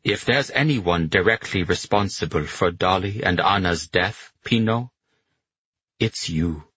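A man's voice: sits low, unhurried, fairly bright tone, husky, no echo, lo-fi sound, full character voice. A man voicing a proud German general who shifts from pleading to icy and curt.

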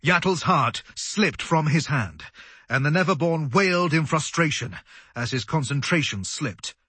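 A man narrating an audiobook in a dramatic, animated storytelling manner. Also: a little high, a little slow, husky, no echo. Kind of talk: scripted narration.

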